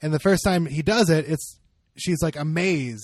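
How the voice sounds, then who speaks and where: A man's voice: on the high side, a little fast, darkish tone, dry recording. A young man co-hosting a casual film discussion, rambling with many fillers and restarts. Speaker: podcast co-host.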